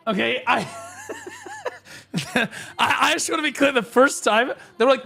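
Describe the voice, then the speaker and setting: A man chatting casually on a live stream, in a bright, forceful voice. He rambles and restarts his sentences, then breaks out into excited shouting. Faint music plays behind him. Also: very high-pitched, normal speed, vocal fry. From United States.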